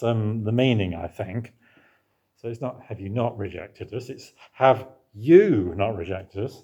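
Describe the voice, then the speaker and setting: A man's voice: mid-range voice, darkish tone. A man preaching a sermon in a conversational way, asking the congregation questions and answering them himself.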